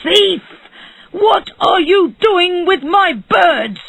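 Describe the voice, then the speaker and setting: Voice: medium pitch, sing-song, takes it slowly, husky, dry recording, exaggerated voice. Narrator doing a hot-tempered old bird seller. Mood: angry. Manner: shouting in anger, then pleading.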